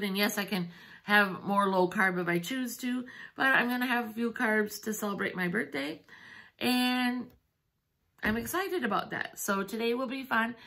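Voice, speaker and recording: A woman's voice: fairly high pitch, pushed and bright. A middle-aged woman vlogger chatting casually at home, gushing and easily moved, with plenty of fillers. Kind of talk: casual chat.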